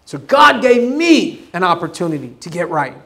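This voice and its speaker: A man preaching a sermon as pastor, casual with slang, acting out the voices he quotes and swinging from loud bursts to low asides. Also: big pitch swings, normal speed.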